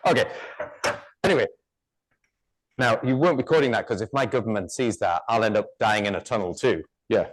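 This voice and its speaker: A man's voice: lowish voice, brisk. Joking woodturning demonstrator, man. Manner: chatty, joking, rambling asides. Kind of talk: live workshop demonstration.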